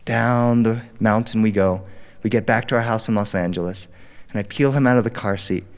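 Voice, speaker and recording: Animated male storyteller with long reverb. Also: on the low side, brisk. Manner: animated, dramatic, jumps into character voices. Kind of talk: live storytelling performance. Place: recording studio.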